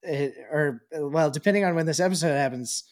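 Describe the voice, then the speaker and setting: A man's voice: a little high, fairly quick. A man co-hosting a podcast in casual chat, talking in an easygoing, rambling way. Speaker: podcast co-host.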